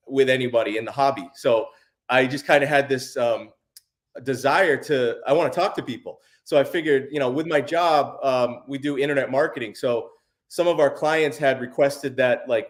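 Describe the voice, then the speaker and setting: Relaxed man chatting about cards. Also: medium pitch. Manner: relaxed, rambling with many fillers and restarts. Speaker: guest, sports card YouTuber. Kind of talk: casual interview chat.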